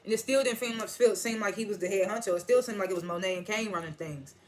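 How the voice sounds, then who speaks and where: Speaking fast at a medium pitch, a young woman reviews a TV episode in a casual, frank chat, acting out scenes with quoted bits of dialogue.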